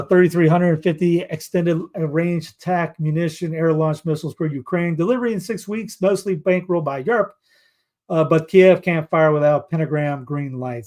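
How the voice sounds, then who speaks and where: A man's voice: fairly high pitch, darkish tone. A man hosting a commentary show, reading news headlines aloud in a rambling, casual way with asides.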